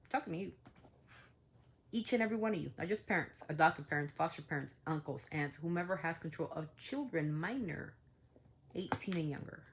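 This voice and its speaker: A woman's voice: deep voice, animated, fairly quick. A middle-aged woman hosting a casual vlog, speaking earnestly and emphatically to parents, often repeating herself. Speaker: channel host, parent. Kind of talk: casual vlog talk to camera.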